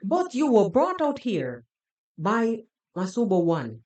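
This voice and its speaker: A woman's voice: medium pitch, huge pitch swings, slow pace, darkish tone. A Jamaican woman hosting a podcast, giving sarcastic, scolding reaction commentary on a video and slipping into patois. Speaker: podcast host.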